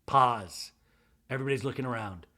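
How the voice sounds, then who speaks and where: A man's voice: mid-range voice, fairly quick, bright, forceful tone. A man hosting a podcast, telling a comedic reality-TV recap in a gossipy, playful way. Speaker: podcast host.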